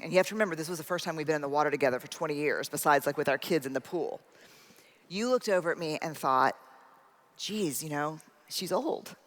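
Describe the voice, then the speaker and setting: A woman giving a keynote talk, telling a personal story and acting out both sides of a conversation. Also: low voice. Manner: animated storyteller acting out dialogue. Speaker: speaker. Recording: long hall reverb.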